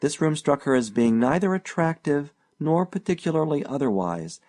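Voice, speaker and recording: A man reading a classic short story aloud as an audiobook narrator, in an unhurried, even storytelling delivery. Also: a little high.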